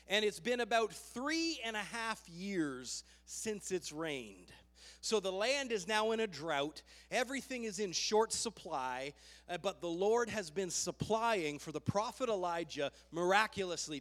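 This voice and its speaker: A man preaching a sermon, fervent and emphatic, with loud rising bursts as he tells the story. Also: sits high, expressive, a little slow. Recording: long hall reverb.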